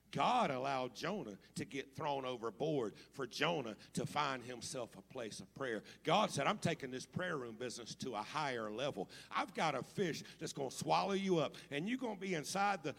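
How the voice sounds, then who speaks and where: A male preacher in a sermon, swinging from easy storytelling to loud, fervent calls. His voice sits high and bright, with a gravelly fry at the bottom. The sound rings with the long reverb of a church hall. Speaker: pastor.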